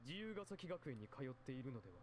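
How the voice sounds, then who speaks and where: A man's voice: medium pitch, very animated, very fast, a little hiss or hum, lightly acted. An actor voicing a cold, calculating young man in a visual novel, speaking with cool, composed politeness and a menacing undertone. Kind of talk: Japanese visual novel voice acting.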